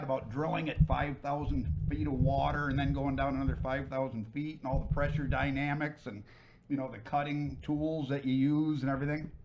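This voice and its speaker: A man's voice: a little high, lo-fi sound, background noise. Folksy middle-aged man telling stories. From northern United States. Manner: folksy, chuckling storyteller. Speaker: guest, host's father. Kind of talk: casual storytelling.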